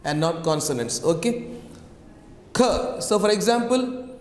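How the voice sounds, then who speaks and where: A man's voice: high voice, lively intonation, a little mellow. A male teacher giving a classroom lesson on word stress, repeating key words and phrases as he drills them. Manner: repetitive, drills words slowly. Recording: echoey long-reverb room.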